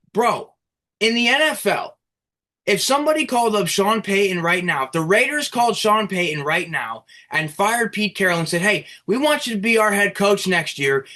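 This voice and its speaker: A man's voice: on the high side, fairly bright tone. A young man co-hosting a casual sports podcast, heated and ranting, swearing freely as he argues his point. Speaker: podcast co-host.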